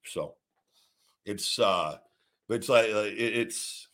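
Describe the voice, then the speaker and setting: A man's voice: on the low side, slow, a bit bright. Blunt, profane man telling a story. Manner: quotes others in retold dialogue. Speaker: host. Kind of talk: casual solo talk.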